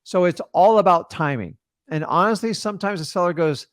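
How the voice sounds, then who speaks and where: Dry, energetic male real estate coach. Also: sits high, brisk, no echo. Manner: shifts emphasis and pace to demonstrate tonality. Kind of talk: energetic teaching monologue.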